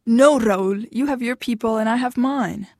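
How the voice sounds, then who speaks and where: A woman voicing a blunt, dismissive young wife in an audiobook, cutting and sharp-tongued. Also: fairly high pitch, moderate pace, dry recording, clean studio sound. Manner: cutting, dismissive, flares into shouting. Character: blunt, cold young wife pushing her husband away. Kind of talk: audiobook dialogue.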